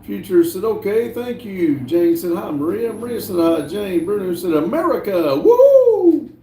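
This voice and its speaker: A man hosting a livestream, slowly reading viewer messages aloud with lots of hesitant fillers. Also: high voice, warm tone, reverberant, a little hiss or hum. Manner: slow, halting reading with many fillers. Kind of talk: casual livestream chat.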